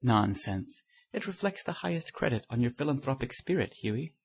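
A man's voice: mid-range voice, very animated, a little fast, slightly rough. A man reading the part of a witty society painter who teases his friend, in a breezy, amused way. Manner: breezy, teasing.

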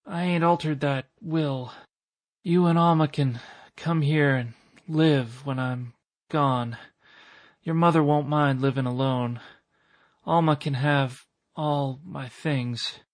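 Male reader playing a stubborn, pious old woman on her deathbed: slow, feeble, strained, dry recording. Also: on the high side, fairly even intonation, no echo. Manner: slow, strained country speech. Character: dying elderly village woman, stubborn and pious.

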